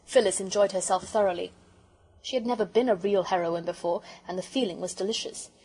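A woman narrating a children's audiobook with expressive storytelling. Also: medium pitch, brisk, husky, poor audio.

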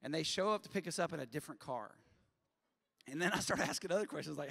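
A man preaching at a college chapel, with a slightly high, gravelly voice that echoes through a large hall with long reverb. He tells stories in an animated way, leaping loud and high when he hits the funny parts. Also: quick pace. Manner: animated storyteller, bursts up loud and high for humor. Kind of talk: sermon with storytelling.

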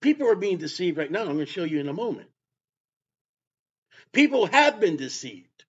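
Emphatic high-voiced male preacher, husky. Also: sing-song, normal speed. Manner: emphatic, rising to loud bursts. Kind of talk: sermon. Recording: dull lo-fi sound.

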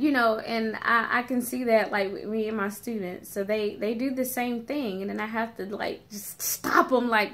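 A woman with a slightly high voice talks casually into her camera from a car. She is a teacher sharing reflections on faith, chatty and quick to laugh, sometimes acting out anxious voices. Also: a bit bright. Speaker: vlogger and teacher. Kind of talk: casual faith-based vlog talk.

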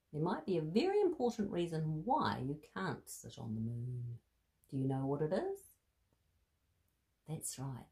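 A woman reading a bedtime story to children, animated and asking the listener questions. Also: sits low.

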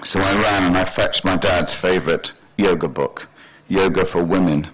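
A man's voice: sits low, steady tone, normal speed, a bit bright, low-quality recording. A man giving a dry, wry literary reading of his own fiction on a festival stage. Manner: dry, wry storytelling with voiced characters. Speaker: author reading his novel. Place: festival stage before an audience.

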